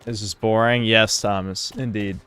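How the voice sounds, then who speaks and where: A man's voice: on the low side, fairly even intonation, normal speed, a bit bright, clear, resonant tone, soft background music. A young man streaming a game, rambling with crude, opinionated commentary. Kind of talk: casual gameplay commentary.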